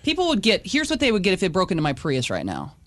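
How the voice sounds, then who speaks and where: Co-host, male, high bouncy voice, dry mic, self-mocking jokes. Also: huge pitch swings, fast talker, a bit bright, dry recording. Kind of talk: casual chat.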